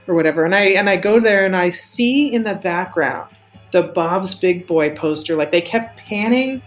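A woman's voice: on the low side, expressive, moderate pace. A woman telling stories as an interview guest, chatty and rambling, with lots of fillers and restarts. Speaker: design studio co-founder, interview guest. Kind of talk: casual storytelling interview. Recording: roomy echo with faint music.

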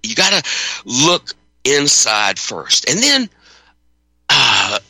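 A man's voice: medium pitch, wildly swooping pitch, slow pace, sharp tone, breathy edge, dry recording, rough recording. A man hosting a talk show, delivering a fervent, defiant monologue. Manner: fervent, defiant, rising to emphatic peaks. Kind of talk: impassioned radio monologue.

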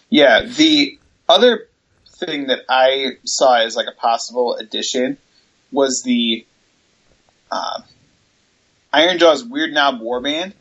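A man's voice: medium pitch, a bit bright. A man with a mid-range voice explains things steadily in a casual chat, running through lists with some fillers. His audio is dull and lo-fi.

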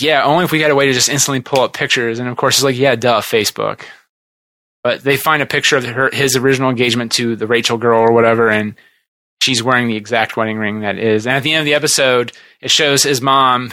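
Guy hosting a podcast, bright forceful voice, super dry sound, rambles through tv plots. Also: medium pitch, no room sound. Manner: rambling, animated retelling of TV scenes. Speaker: podcast host. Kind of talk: casual chat.

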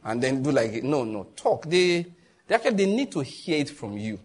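A man with a Nigerian accent preaching a sermon as a pastor, telling stories and acting out the people in them. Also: moderate pace. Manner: animated storytelling, voicing others in a raised pitch.

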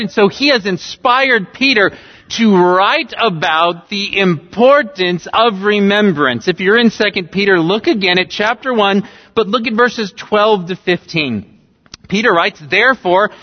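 A man from California preaching a sermon as pastor, emphatic, repeating key phrases and using humorous everyday illustrations, in a church sanctuary. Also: sits high. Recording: dull recording with long hall reverb.

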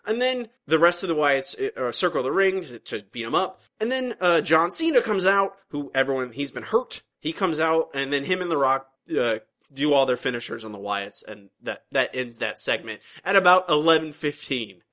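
Podcast co-host, male, bright tone, rambling casual delivery with frequent restarts. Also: a little high, expressive, normal speed, few pauses. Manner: rambling, restarts sentences, recaps at length. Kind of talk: casual chat.

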